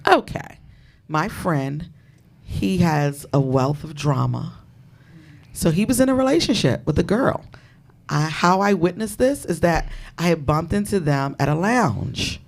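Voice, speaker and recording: A woman with a Washington, D.C. accent hosting a podcast, telling a story in loud, profane, animated chat with frequent laughter. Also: low-pitched, unhurried, creaky. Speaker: podcast host.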